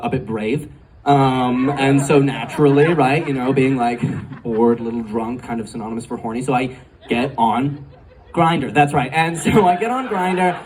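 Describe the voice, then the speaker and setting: A man in his twenties with a medium-pitched, somewhat dark voice does stand-up on a comedy club stage, telling a rambling story packed with "like" and frequent giggles. The live recording sounds distant, with faint room noise.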